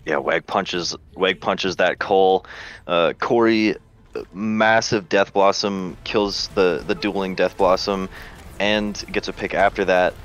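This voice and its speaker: A man giving colour commentary as an esports co-caster, halting and full of fillers. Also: low-pitched, steady tone, a bit bright. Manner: halting, many fillers and restarts.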